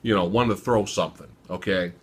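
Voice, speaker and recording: A man's voice: low voice, fairly quick, breathy edge. A man hosting a casual movie review chat, joking, swearing and laughing often. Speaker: podcast host.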